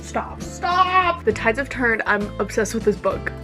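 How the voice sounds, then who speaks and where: A woman's voice: mid-range voice, fairly even intonation, moderate pace, music in the background. A young woman in her twenties vlogging at home about her reading, chatty and gushing. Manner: chatty and gushing, lots of "like" and "obsessed". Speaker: book vlogger. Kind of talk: casual reading vlog. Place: home, indoors.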